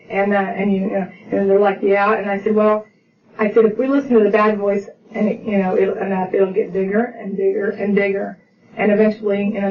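A woman's voice: mid-range voice, a little mellow. A middle-aged woman sharing her recovery story as personal testimony, heartfelt and full of acted-out dialogue and restarts. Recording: distant, dull lo-fi audio with faint noise.

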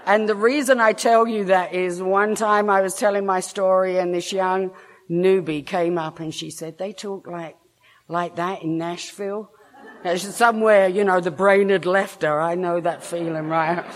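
An English-accented woman speaks to a recovery meeting, telling her own story with frank self-mockery. Her voice sits at an ordinary middle pitch, and small laughs keep slipping into her sentences. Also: fairly even intonation, measured pace. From England. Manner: candid and self-mocking, laughs often. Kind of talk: personal story told to a meeting.

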